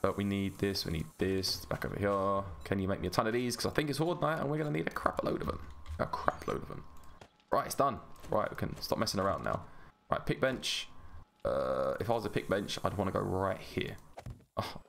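A man's voice: lowish voice, very animated, brisk, vocal fry, a bit bright, slight background noise. A man with a London accent chatting casually on a live stream while playing a game, greeting viewers by name. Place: home gaming room.

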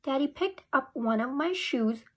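A woman teacher reading a chapter book aloud to young students, expressive. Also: high voice, unhurried. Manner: expressive storytelling. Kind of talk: read-aloud for children.

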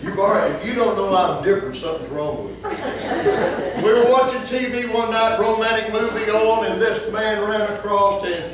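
A man pastor preaching a sermon, telling funny stories and then breaking into emphatic, shouted points. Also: sits high, a little fast, noisy background. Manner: humorous storytelling that rises into emphatic preaching. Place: church sanctuary. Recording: echoey church from far off.

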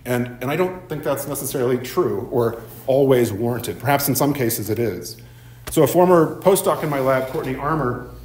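A man's voice: mid-range voice, slight background noise. A male professor giving a seminar lecture, with many ums and repeated "right?" checks. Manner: frequent ums and tag questions of "right?". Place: university seminar room. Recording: echoey lecture room.

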